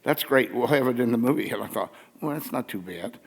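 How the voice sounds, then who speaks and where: A man's voice: medium pitch, brisk, vocal fry, slight background noise. Older guy telling stories to a crowd in a theater, laughs a lot, does the voices, long hall echo. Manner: animated, laughing, acts out quotes. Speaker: conference speaker telling stories. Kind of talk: casual storytelling to a live audience. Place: large theater with audience. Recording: long reverb from a big hall.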